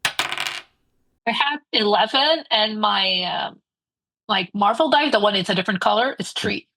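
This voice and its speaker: A woman's voice: mid-range voice, animated, a little slow, bright, forceful tone, poor audio. A woman player in a tabletop game, speaking casually and hesitantly.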